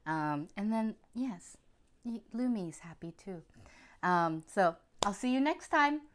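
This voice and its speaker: A woman's voice: medium pitch, expressive, takes it slowly. A young woman food vlogger, chatty and effusive, talking casually between bites and laughing often. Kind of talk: casual mukbang food review.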